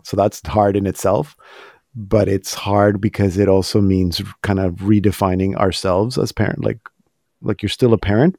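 A man's voice: fairly low pitch, mellow, dry recording, studio quality. A man co-hosting a faith podcast, speaking thoughtfully and affirming what the guest says.

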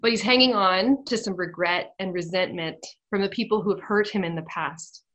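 A woman's voice: mid-range voice, moderate pace, fairly bright tone, low-quality recording. A woman in her thirties on a radio program, telling a family story casually, laughing often and turning emotional.

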